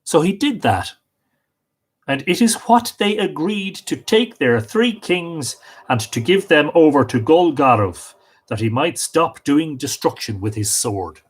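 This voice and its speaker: A man telling an ancient legend to a live audience, reading with plenty of expression. His pitch swings widely, and he breaks off now and then for wry little asides. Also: animated, a little slow, breathy edge. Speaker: storyteller and stream host.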